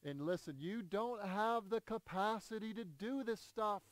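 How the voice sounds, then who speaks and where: A male pastor preaching a conversational sermon, animated and quick to repeat himself when stirred up. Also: high-pitched, no room sound.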